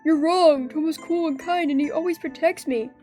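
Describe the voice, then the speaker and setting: A woman's voice: high-pitched, normal speed, mellow, soft background music, close to an everyday voice. A woman voicing an earnest, devoted teenage schoolgirl in a horror game, speaking emphatically. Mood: pleading.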